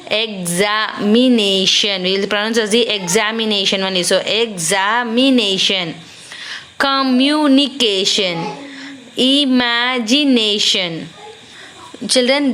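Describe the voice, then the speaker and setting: A woman's voice: a little high, pushed and bright. A woman with an Indian English accent teaching an English lesson to children, reading words out one by one. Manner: slow, drawn-out word-by-word dictation to children. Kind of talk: classroom lesson.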